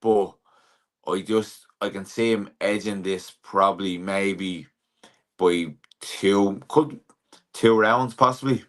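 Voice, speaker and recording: A young Irish man with a very low, deep voice, a boxer answering interview questions. He talks in a relaxed, plain-spoken way, leaning on fillers like "like" and "sort of". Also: slow pace. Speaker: professional boxer. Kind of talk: casual interview.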